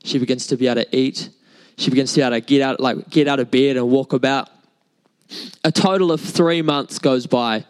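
A man's voice: mid-range voice, fairly even intonation, fairly quick, clear, resonant tone, rough recording. A young man, preaching a sermon in a casual, chatty storytelling way with many fillers. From New Zealand. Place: church service.

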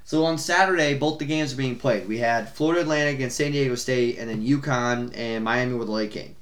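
A young adult man co-hosting a podcast, chatting casually about sports in a rambling, swearing, animated way. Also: medium pitch, a little fast. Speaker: podcast co-host.

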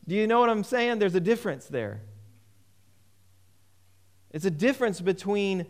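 A man's voice: sits high, very animated, slow, pauses often. A man preaching a sermon, emphatic and repeating key phrases for weight.

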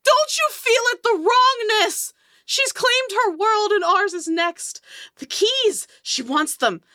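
A woman's voice: very high-pitched, animated, takes it slowly, sharp tone, no echo, clean studio sound, voice pushed up, exaggerated voice. A woman voicing a crazed, ragged old man who screams frantic warnings of doom in a tabletop game. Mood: frantic, raving. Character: crazed ragged old male street prophet.

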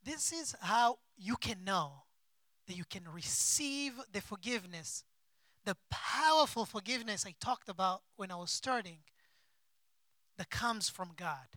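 A man preaching a sermon as a pastor, with impassioned delivery and big swings between soft and loud. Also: high voice, animated, unhurried, no room sound. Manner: acts out quoted figures in his own voice. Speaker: pastor and missionary.

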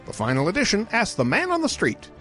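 Deadpan male mock newsreader over music. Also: sits high, fast talker. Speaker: mock news anchor. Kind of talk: satirical news sketch.

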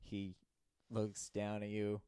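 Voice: deep voice, monotone, takes it slowly, dark tone, clean tone, no echo, clean studio sound. A game master narrating a tabletop role-playing game, playful and often laughing. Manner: giggly, playful.

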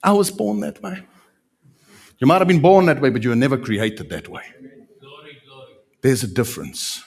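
South african preacher guy, husky, gets animated, keeps throwing questions at the crowd. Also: mid-range voice, normal speed. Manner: animated, emphatic, rhetorical questions. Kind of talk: sermon.

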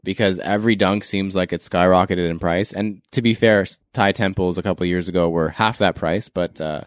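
A man hosts a casual podcast, his voice on the low side and recorded dry and close. He jokes freely while steering the conversation. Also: steady tone, brisk, no room sound. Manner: joking, upbeat interviewer. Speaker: podcast host. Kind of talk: casual chat.

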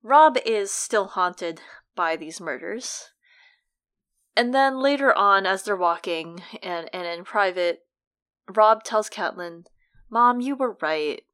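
A woman's voice: medium pitch, takes it slowly, fairly bright tone, clear, resonant tone. A young woman co-hosting a casual book discussion podcast, chatty and laughing often as she acts out lines from the story. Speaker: podcast co-host.

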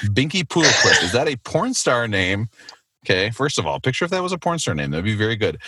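A man's voice: lowish voice, big pitch swings, fast talker, bright, forceful tone, slight background noise. A man hosting a casual quiz game with friends over a video call, often laughing at his own jokes. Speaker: quiz host.

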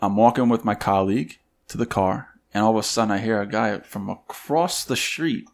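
A man co-hosting a podcast, telling a story in a casual, animated way and acting out other people's voices. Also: fairly low pitch, quick pace. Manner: animated, acts out quoted voices loudly. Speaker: podcast co-host.

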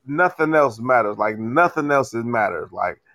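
A man's voice: mid-range voice, animated, moderate pace, fairly bright tone, no echo. A man co-hosting a casual sports podcast, telling stories with mock voices and laughs. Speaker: podcast co-host. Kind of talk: casual group chat.

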